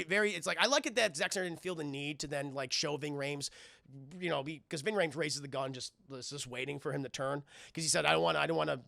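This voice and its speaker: Man, livestream film recap, slightly high voice, gravelly, dry close mic. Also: dry recording. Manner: animated, acts out characters' lines in quick impressions. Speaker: streamer reviewing a film. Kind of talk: casual livestream recap talking to chat.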